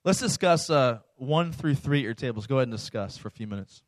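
A man's voice: mid-range voice, expressive, fast talker, no echo, clean studio sound. A man preaching in a conversational sermon style, often checking in with the audience by asking "right?" and "okay?". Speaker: pastor.

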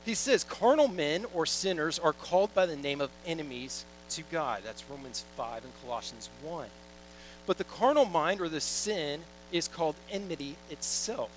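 A young man delivers a sermon in a relaxed, conversational way, mixing scripture readings with jokey stories. His voice sits a little high for a man. A faint electrical hum runs under the recording. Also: normal speed, rough recording. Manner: conversational, jokey storytelling with quoted asides. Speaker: pastor.

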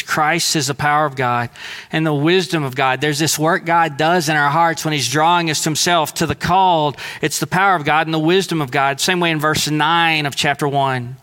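A man preaching a sermon in an earnest, emphatic way, slowing down to stress key phrases. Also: medium pitch, a bit bright.

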